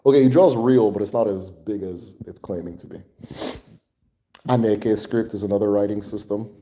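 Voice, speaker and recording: Laid-back low-voiced man. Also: normal speed, mellow, a little hiss or hum. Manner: loose, rambling, swears and chuckles often. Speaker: host answering viewer questions. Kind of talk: casual livestream Q&A.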